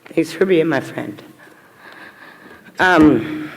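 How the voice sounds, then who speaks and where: A woman's voice: low-pitched, animated, very slow. Candid woman in a reverberant hall. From Kentucky. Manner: candid, blunt, self-deprecating humor. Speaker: recovery meeting speaker. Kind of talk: personal testimony talk to a crowd.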